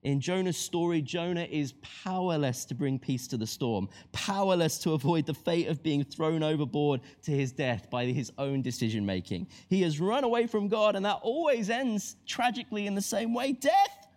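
A man preaching a sermon, telling a Bible story with animated asides and acting out the voices of its characters. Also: fairly high pitch, normal speed, few pauses. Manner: animated storytelling, acts out voices of biblical figures.

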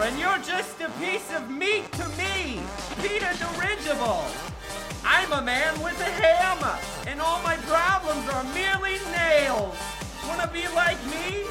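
Unhinged male pitchman, put on by a podcast host, high and loud, ranting over music. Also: exaggerated voice. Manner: shouting, furious rants flipping to tearful pleading. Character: unhinged male ad pitchman, volatile, self-pitying.

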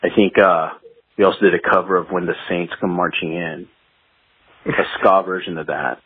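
A man's voice: sits low, steady tone, normal speed, a little hiss or hum. A man being interviewed as a guest guitarist, telling rambling studio stories in a casual way and laughing as he goes. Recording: tinny phone-like line, dry.

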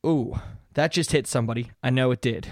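A man's voice: mid-range voice, a little fast, a little mellow, no echo, studio quality. A man in his thirties hosting a casual solo podcast, talking earnestly in a rambling way with many fillers and restarts. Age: 30s. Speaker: podcast host.

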